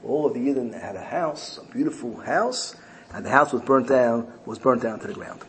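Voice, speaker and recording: A man's voice: mid-range voice, normal speed, slight background noise, natural voice, poor audio. A man voicing a grieving Jewish soldier who speaks earnestly of his sorrow in a told story. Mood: mournful.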